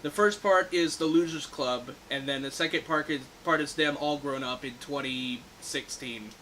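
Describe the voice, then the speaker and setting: Bright-voiced man in a casual movie review chat. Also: fairly high pitch, moderate pace, a little hiss or hum, low-quality recording. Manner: animated, laughs often, acts out quoted lines. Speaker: movie review podcast co-host.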